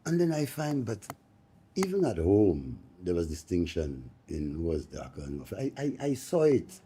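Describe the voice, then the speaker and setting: A man, speaking up from the audience of a panel discussion, impassioned and halting, repeating words as he goes. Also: low voice, big pitch swings, dark tone, slight background noise. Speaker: live audience member.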